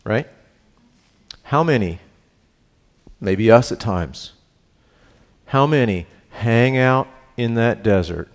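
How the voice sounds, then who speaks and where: A male pastor teaching scripture to his congregation in a loose, conversational way. He peppers his points with quick check-ins and shifts between low, earnest stretches and lively bursts. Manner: questioning, checks in with "right?"; swings between hushed and animated. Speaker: pastor teaching a Bible study. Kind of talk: conversational sermon.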